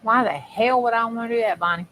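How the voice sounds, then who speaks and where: A woman's voice: a little high, fast talker, fairly bright tone, a little hiss or hum, rough recording. A woman hosting a crafting video, chatting in a folksy, homespun way with herself and her viewers as she works. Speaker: crafting channel host. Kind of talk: casual chat while crafting.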